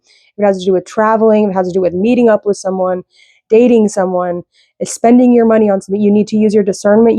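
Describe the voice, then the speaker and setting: A woman giving a casual tarot reading, rambling with lots of fillers, slow when she reads out card meanings. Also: medium pitch, mellow, no room sound. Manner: rambling, loose, with many fillers. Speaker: tarot reader.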